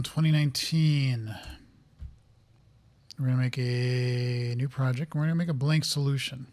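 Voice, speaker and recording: A man talking casually to viewers as he sets up a software project, rambling, thinking aloud and getting flustered by interruptions. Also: mid-range voice. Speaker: software developer streaming a coding session. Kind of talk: casual live-coding commentary.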